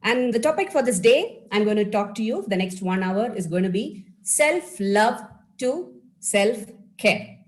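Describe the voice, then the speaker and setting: Woman, from India, life skills webinar speaker, encouraging, addresses listeners as friends, mid pitch, video call. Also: animated, unhurried, few pauses, rough recording. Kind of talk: live webinar talk.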